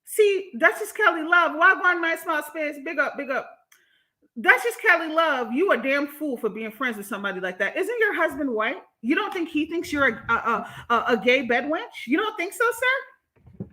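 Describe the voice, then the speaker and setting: A young woman livestreaming, reading chat and ranting in a sassy, animated way, laughing between her points. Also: high voice, normal speed. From Jamaica. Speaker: YouTuber reading live chat. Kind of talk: live-stream commentary.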